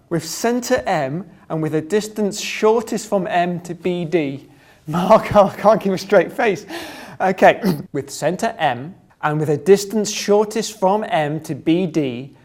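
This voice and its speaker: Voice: mid-range voice, darkish tone. A presenter, reading out step-by-step geometry drawing instructions and adding dry, joking asides. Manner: deliberate, dry asides, breaks into laughter at times.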